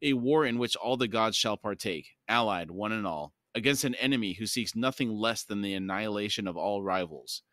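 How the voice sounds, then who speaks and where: A man's voice: on the low side, fairly quick, few pauses, fairly bright tone, no room sound, voice pushed down, lightly acted. A cold, contemptuous male herald of a death god, inhuman and sneering, as a man reads him aloud. His scorn carries in a dry, close recording with no room around it.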